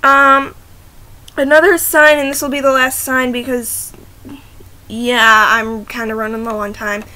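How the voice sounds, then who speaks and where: High, bright-voiced giggly woman vlogging. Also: little pitch movement, unhurried. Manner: giggly, rambling, often restarting and apologizing. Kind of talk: casual chat to camera. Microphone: laptop camera microphone.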